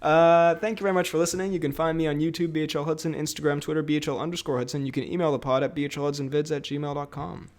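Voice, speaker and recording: A young man with a slightly high voice co-hosts a casual podcast. He jokes, rambles and breaks into laughter often. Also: fairly even intonation, very fast, hardly any pauses. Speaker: podcast co-host. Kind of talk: casual chat.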